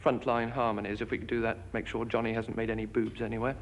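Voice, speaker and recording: Man, bandleader, casual halting directions, faint hiss. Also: medium pitch, flat delivery. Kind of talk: rehearsal instructions.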